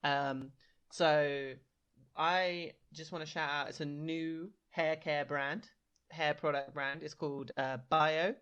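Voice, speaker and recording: A man from England with a slightly high, bright, crisp voice co-hosts a casual podcast. He is playful and upbeat, and he teases his co-host. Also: steady tone, slow, lo-fi sound. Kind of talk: casual chat.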